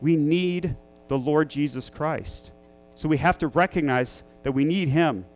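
Pastor, man, a parent, high clear tenor; earnest emphatic sermon, leans on repetition. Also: measured pace, faint music behind. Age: young adult to middle-aged, a parent. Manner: earnest, emphatic, repeats key phrases.

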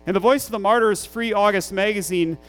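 High-voiced man preaching a sermon. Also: a little fast, a bit bright, rough recording. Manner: preaching with rising emphasis and rhetorical questions. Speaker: pastor.

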